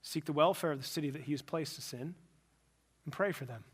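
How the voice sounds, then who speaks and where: A man preaching a sermon at his church, animated and conversational, often acting out what imagined people would say. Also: a little high, husky. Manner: animated, acts out imagined people in quick asides. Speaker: pastor.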